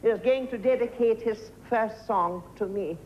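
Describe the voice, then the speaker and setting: A man's voice: high voice, a little slow, slight background noise. A man playing a grand, fussy elderly English lady in a stage comedy sketch, plummy, pompous and dithering. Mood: indignant. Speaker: comic double-act performer. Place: large theatre stage. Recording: reverberant theatre, dull, audience ambience.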